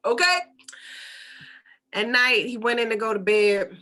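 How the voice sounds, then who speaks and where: A woman, a spiritual teacher, telling a story in an animated, repetitive, conversational way. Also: a little high, a little slow. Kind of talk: storytelling talk.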